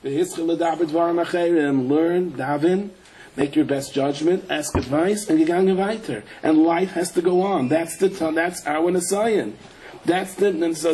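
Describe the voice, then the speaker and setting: A man, fairly high-voiced for his sex, delivers a rabbi's Torah lecture. He tells stories as he goes and climbs to loud, high emphatic peaks. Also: fairly quick, poor audio. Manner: animated storyteller, swings up to loud high-pitched emphasis. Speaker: rabbi teaching a class.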